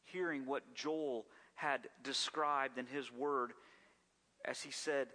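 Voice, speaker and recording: A man's voice: mid-range voice, steady tone, takes it slowly, pushed and bright, in a large hall. A man preaching a sermon as pastor, telling stories in a folksy way with frequent restarts and repeated words.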